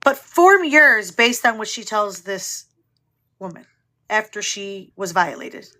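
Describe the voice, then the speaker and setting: A woman's voice: mid-range voice, big pitch swings, takes it slowly, sharp tone. A woman hosting a live stream, who cuts in with emphatic, indignant comments.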